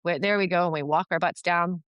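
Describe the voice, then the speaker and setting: A woman's voice: on the low side, fairly even intonation, a little fast, dry recording, lo-fi sound. A woman from Canada, a guest on a podcast, telling a story in a casual, chatty way with lots of fillers and acted-out dialogue. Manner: chatty, filler-heavy, acts out quoted dialogue. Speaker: podcast guest, yoga retreat founder.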